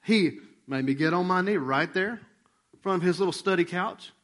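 A man preaching in a loose, conversational storytelling style, with a voice that sits a little higher than most men's. He acts out the people in his story and drops to a near hush when the moment turns tender. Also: moderate pace. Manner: animated and conversational, acts out remembered dialogue. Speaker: pastor. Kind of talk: storytelling sermon.

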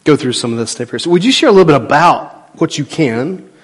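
Pastor guy preaching in church, kinda high voice, folksy, gets loud then drops soft. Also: animated, quick pace, breathy edge. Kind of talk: sermon and church interview. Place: church sanctuary.

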